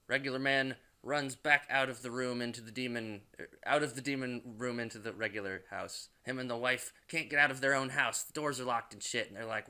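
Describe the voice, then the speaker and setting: A man's voice: mid-range voice, fairly quick, sharp tone. A man casually recapping a movie plot, rambling and loose, with plenty of swearing. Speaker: movie reviewer.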